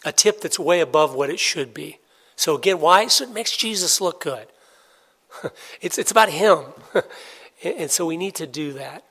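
Middle-aged preacher guy, kinda high voice, earnest, telling a story, gets loud then real quiet. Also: expressive, normal speed, gravelly, pauses often, breathy edge. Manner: storytelling, earnest, swings between loud and hushed. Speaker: pastor. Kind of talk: sermon.

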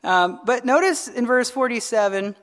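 A woman with a slightly higher voice teaches a midweek Bible study. She talks conversationally, checks in with "right?" and often restarts her phrases as she goes through scripture. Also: expressive, moderate pace, fairly bright tone.

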